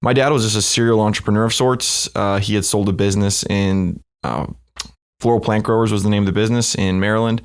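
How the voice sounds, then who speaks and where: A man's voice: lowish voice, fairly even intonation, fast, smooth. A man as a podcast guest, talking in an easygoing, conversational way with frequent fillers. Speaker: podcast guest, company co-founder. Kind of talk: casual podcast interview.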